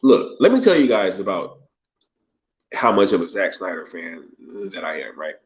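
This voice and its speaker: A man's voice: deep voice, very animated, normal speed. Laid-back slangy man on a muffled stream. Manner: laid-back slangy talk, frequent "yo" and "right?"; reads viewer comments aloud and reacts. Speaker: live stream host reading chat. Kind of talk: casual live stream chat.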